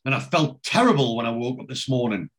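A man's voice: mid-range voice, expressive, a little fast, a bit bright, close to an everyday voice. A man putting on the voice of a cheeky, gossipy middle-aged woman on holiday, retelling her lines in a breezy, sing-song way. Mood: gleeful.

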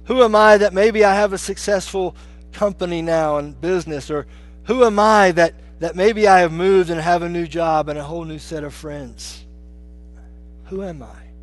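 Earnest preaching man, fairly high voice. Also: dry recording. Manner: earnest preaching, swinging between hushed low lines and raised emphatic ones. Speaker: pastor. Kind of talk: sermon.

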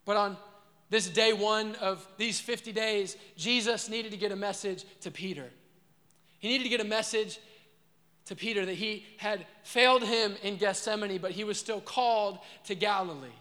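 A man's voice: high-pitched, moderate pace, pushed and bright, long reverb tail. A man preaching a sermon as pastor, earnest and repetitive, asking the crowd questions.

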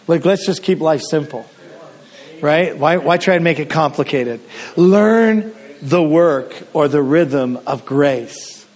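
A middle-aged male pastor from Canada delivers a sermon in a loose, conversational storytelling way. His voice sits a touch higher than most men's, and he often restarts his sentences. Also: slow pace, a little mellow.

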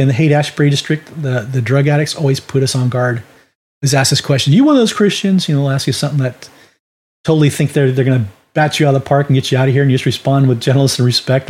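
A man's voice: medium pitch, a little mellow. A man teaching a Bible lesson on sharing faith, talking in a folksy, conversational way with restarts. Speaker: ministry teacher.

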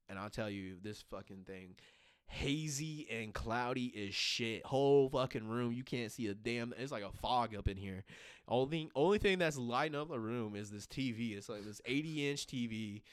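A man's voice: fairly low pitch, moderate pace, smooth, no echo, studio quality. A young man chatting casually on a podcast, rambling through profane stories with lots of fillers. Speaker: podcast co-host. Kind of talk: casual chat.

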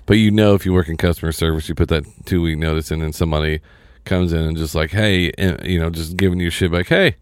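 A man's voice: sits low, fairly even intonation, fast, clean tone, no room sound, clean studio sound. A man in a casual chat, joking and rambling about work.

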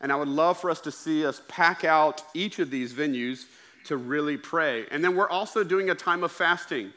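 A young pastor preaches with lively, folksy energy and keeps talking straight to his congregation. His voice is bright and forceful, and it sits a bit high for a man. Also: normal speed. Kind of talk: sermon.

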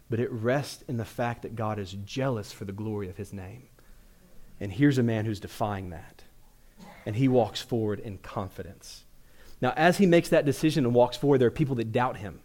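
Man preaching an animated sermon. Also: medium pitch. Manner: animated, acts out biblical characters in casual modern speech. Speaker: pastor.

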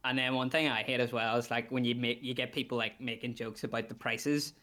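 A man's voice: medium pitch, flat delivery, brisk, pushed and bright. Blunt, laughing young man. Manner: laughing, blunt, acts out customers' voices. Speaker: podcast guest, barman. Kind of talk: casual chat.

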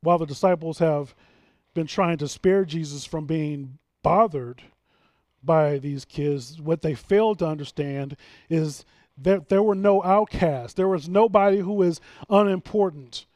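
Fairly high-voiced man preaching earnestly. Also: measured pace, darkish tone, no room sound. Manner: earnest, emphatic preaching with frequent restarts. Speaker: pastor. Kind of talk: sermon.

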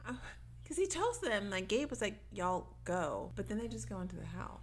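A woman's voice: medium pitch, sing-song, fast, slightly rough. A woman in casual chat about a film, cutting in with blunt, profane jokes. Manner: blunt, profane, jokey asides. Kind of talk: casual movie recap chat.

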